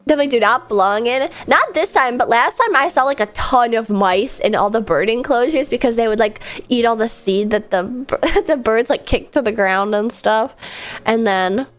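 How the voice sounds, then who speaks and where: A young woman talks through a relaxed stream in a fairly high voice. She rambles from story to story and reads chat messages aloud before answering them. Soft music plays quietly behind her. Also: moderate pace. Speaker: VTuber streamer.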